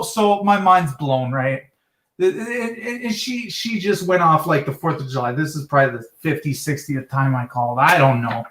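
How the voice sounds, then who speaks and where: A man's voice: fairly high pitch, normal speed, fairly bright tone, roomy sound. A man hosting a livestream from South Dakota, rambling and profane, repeating his words as he rants. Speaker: livestream host. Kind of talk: ranting livestream chat.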